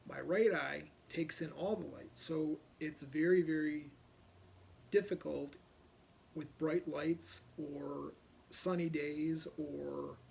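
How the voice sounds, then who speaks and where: A man's voice: fairly high pitch, fairly even intonation, takes it slowly, gravelly, a little mellow, a little hiss or hum. A middle-aged man from Ohio, a police officer, casually telling a personal story and animatedly acting out other people's lines.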